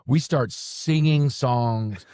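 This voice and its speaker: Man, relaxed storyteller, warm dark tone, podcast chat. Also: mid-range voice, very slow, smooth, no echo, studio quality.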